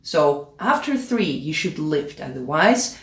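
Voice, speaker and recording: A woman's voice: sits low, very animated, slow pace. A woman teaching a piano piece, counting beats aloud and checking in with her student. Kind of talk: play-along piano tutorial. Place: room with a piano. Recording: echoey room with loud piano. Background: piano playing.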